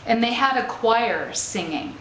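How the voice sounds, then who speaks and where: A woman's voice: on the high side, animated, measured pace, fairly bright tone. A woman giving an inspirational spiritual talk to a live group, conversational and checking in with her listeners as she goes. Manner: conversational, checks in with "okay?" and "right?"; laughs easily while telling stories. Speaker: spiritual speaker. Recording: echoey room with faint ambient noise.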